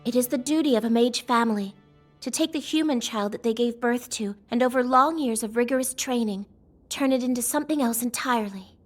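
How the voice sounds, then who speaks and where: A woman voicing a proud teenage girl mage in an anime dub, lecturing and quick to flare up. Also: fairly high pitch, close to an everyday voice. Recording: studio dub with music behind.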